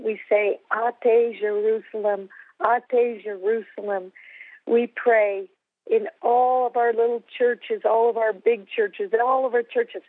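Female guest, emotional halting testimony, monotone delivery, dry phone-line sound. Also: mid-range voice, dry recording. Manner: emotional, halting with many restarts. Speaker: missionary guest. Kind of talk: testimony and prayer on a talk show.

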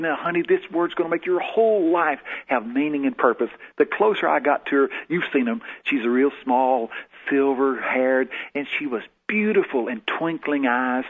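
Husky guy telling a church story on the radio, sounds tinny like a phone line. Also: medium pitch. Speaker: guest minister. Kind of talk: storytelling testimony.

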